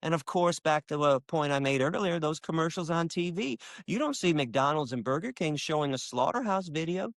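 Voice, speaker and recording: His voice is expressive, moderately paced with few pauses, captured in a clean studio without room sound. An animal rights activist who lives in Michigan, he tells stories passionately and emphatically in an interview, performing quoted dialogue with abrupt jumps in pitch in a conversational manner.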